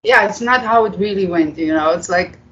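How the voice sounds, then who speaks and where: A guest talks loosely through an interview, halting often and swearing freely. The voice sits at a middling pitch. The recording is dull and lo-fi. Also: pushed and bright. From Netherlands. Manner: rambling, halting, many fillers, swears freely. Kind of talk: casual storytelling.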